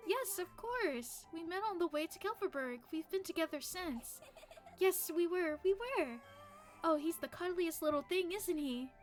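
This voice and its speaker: A woman reading game dialogue in a higher, softer voice as a timid young village girl who is eager to please. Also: animated, unhurried, faint music behind. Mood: relieved. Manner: soft, pleading, eager to please.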